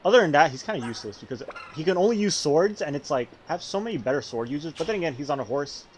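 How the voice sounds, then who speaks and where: Profane animated game streamer man. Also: a little high, rapid-fire, a little hiss or hum. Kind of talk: casual gameplay commentary.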